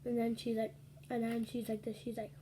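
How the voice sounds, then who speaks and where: A woman's voice: on the high side, flat delivery, brisk, dark tone, a little hiss or hum. A woman casually telling a rambling story between bites in an eating ASMR video, dropping into whispered asides. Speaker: ASMR vlogger.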